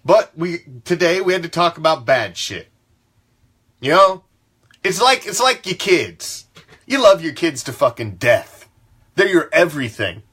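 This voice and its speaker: A man ranting as a sports talk host, swearing freely and hammering his points. His voice sits high and swings widely up and down, with a bright, forceful edge. He keeps the tone emphatic and fired-up. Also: big pitch swings, a little slow, slightly rough. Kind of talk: fan sports commentary rant.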